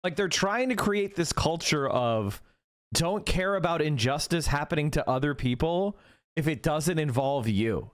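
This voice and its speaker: A man's voice: fairly high pitch, animated, unhurried, smooth, no echo, clean studio sound. Scornful, cussing streamer man. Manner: profane, scornful, ranting. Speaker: political streamer. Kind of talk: reacting to clips on a livestream.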